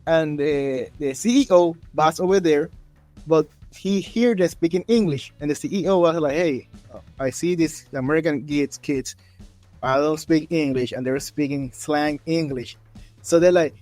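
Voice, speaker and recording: A man hosting a podcast, telling a story in a lively way and acting out the quotes. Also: fairly high pitch, a little slow, soft background music. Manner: animated storyteller, acts out quotes in raised voices. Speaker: podcast host. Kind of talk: casual interview chat.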